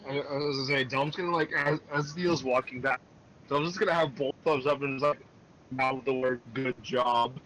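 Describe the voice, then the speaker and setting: A man's voice: medium pitch, steady tone, a little fast, a bit bright, a little hiss or hum, low-quality recording. A man playing in a casual tabletop game with friends, playful and fond of posh words. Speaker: player.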